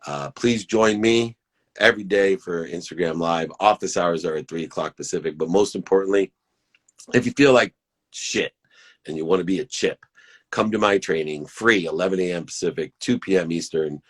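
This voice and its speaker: Low husky man giving a motivational talk. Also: fairly quick. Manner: earnest, emphatic, repeats key phrases. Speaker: motivational speaker hosting a live stream. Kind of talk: live-stream motivational talk.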